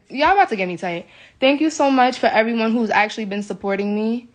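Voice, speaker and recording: Upset and shaken, an American woman vents to her followers in a live video from a hotel room, speaking emphatically into her phone and repeating herself. Her voice is fairly high-pitched and quick.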